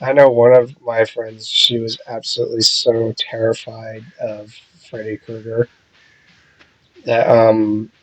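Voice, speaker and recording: A man co-hosting a gaming video, chatting casually and telling stories with lively acted-out quotes. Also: fairly low pitch, takes it slowly, no echo, rough recording. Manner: lively storyteller, acts out quotes. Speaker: gaming channel co-host. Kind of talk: casual chat while playing a game.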